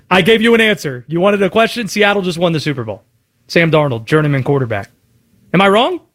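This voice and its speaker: A man's voice: a little high, lively intonation, brisk, fairly bright tone. A man hosting a sports radio show, pushing back hard, cutting in and handing off to callers. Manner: pushes back, cuts in, hands off to callers. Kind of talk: heated sports talk debate.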